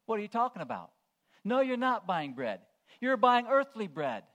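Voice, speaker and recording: A male preacher delivering a sermon in a high, animated voice. His pitch leaps around a lot. He drops into hushed, low asides, then rises into loud, ringing calls. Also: normal speed.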